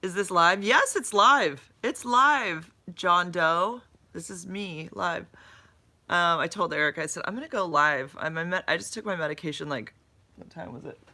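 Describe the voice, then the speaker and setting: A woman's voice: on the low side, normal speed, sharp tone. A woman chatting casually on a live stream from her bed, drowsy and dopey from medication, rambling and tripping over her words as she reads comments. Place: in bed at home.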